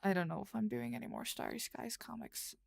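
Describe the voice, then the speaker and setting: A woman's voice: medium pitch, big pitch swings, fairly quick, vocal fry, breathy edge, no room sound, studio quality. A woman streamer chatting casually with her viewers late at night, rambling and thinking aloud as she writes. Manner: rambling, thinks aloud while typing, answers chat. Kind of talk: casual live-stream chat while writing.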